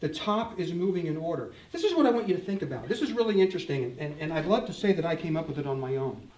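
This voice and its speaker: An older man giving a joking, animated guitar demonstration talk, speaking directly to a live audience. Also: on the high side, fast. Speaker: guitar clinician. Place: store event room with audience. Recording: roomy, distant mic.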